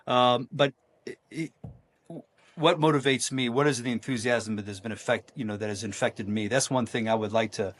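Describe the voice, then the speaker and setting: A middle-aged man telling stories as a podcast guest in a casual, energetic way, often breaking into quoted voices. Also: moderate pace. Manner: energetic, acts out quoted voices with big pitch jumps. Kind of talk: casual storytelling.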